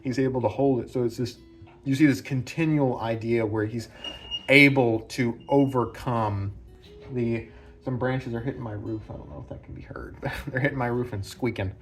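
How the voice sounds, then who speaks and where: A man's voice: mid-range voice, moderate pace, soft background music. A man casually analyzing a film's characters at home, rambling with many fillers and restarts. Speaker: film analysis host. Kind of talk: casual spoken film breakdown. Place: home room with branches hitting the roof.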